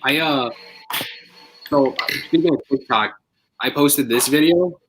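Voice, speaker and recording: A young man hosting a live stream, chatting in a relaxed, easygoing way with a few hesitations. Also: mid-range voice, a little slow, noisy background. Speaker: channel host. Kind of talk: casual chat.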